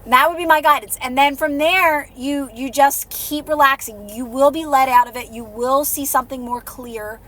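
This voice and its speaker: A woman's voice: sits high, normal speed, few pauses. A woman hosting a live stream, giving soothing, repetitive encouragement in a casual coaching talk. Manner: soothing, repetitive, encouraging, drops softer when guiding calm. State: out of breath. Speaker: livestream host and manifestation coach.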